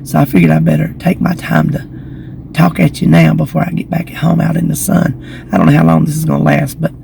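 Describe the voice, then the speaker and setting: Gravelly woman, slightly hoarse vlogger. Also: low voice, noisy background. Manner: chatty, gossipy storytelling with giggles. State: slightly hoarse from lingering illness. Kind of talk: casual chat to camera. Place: outdoors in the shade beside a building. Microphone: phone camera.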